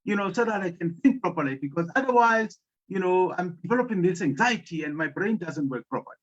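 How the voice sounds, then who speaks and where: Man doing a scared young woman, high voice, anxious, pleading, muffled lo-fi sound. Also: animated, a little fast. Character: frightened young woman gathering firewood. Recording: muffled lo-fi audio.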